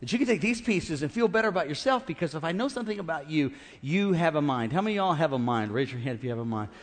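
High-voiced middle-aged preacher in a reverberant hall. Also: male voice, fast. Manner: animated preaching with call-and-response to the congregation. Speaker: pastor. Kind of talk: sermon. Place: large church auditorium.

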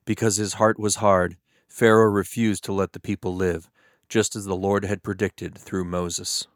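Low-voiced man reading scripture. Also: no room sound, studio quality. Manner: steady, measured reading. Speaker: Bible reader.

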